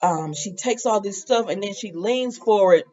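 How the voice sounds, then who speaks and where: A woman hosting a casual soap opera recap, chatty and animated, with laughing asides. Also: mid-range voice, normal speed, muffled recording.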